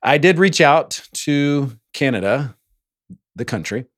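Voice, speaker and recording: A man's voice: mid-range voice, lively intonation, slow, a bit bright, no echo. A man hosting a solo podcast, speaking into a close mic in a playful way with jokey asides. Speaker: podcast host.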